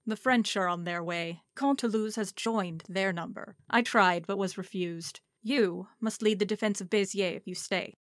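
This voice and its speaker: An urgent, commanding lord barks his orders over a dry, close sound, as a woman reading a story puts him on. His voice is forceful and raised, the voice of a nobleman used to being obeyed. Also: mid-range voice, moderate pace, hardly any pauses, no room sound, natural voice.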